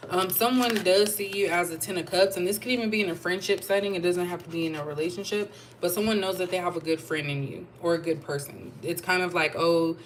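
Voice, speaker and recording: Woman tarot reader, lowish voice, casual and rambling, faint background noise. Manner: chatty, thinking aloud with fillers and asides. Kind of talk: casual tarot reading to camera.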